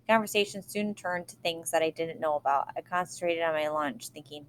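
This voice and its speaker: A woman reading a novel aloud in a steady, even way. Her voice sits a little low, and a faint hiss runs beneath it. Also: a little fast, few pauses. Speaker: reader.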